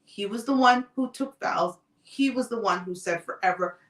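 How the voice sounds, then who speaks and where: Woman host, calm and measured storytelling, roomy sound a little away from the mic. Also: mid-range voice, recorded from a distance. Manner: calm, deliberate personal storytelling. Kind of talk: live talk show monologue.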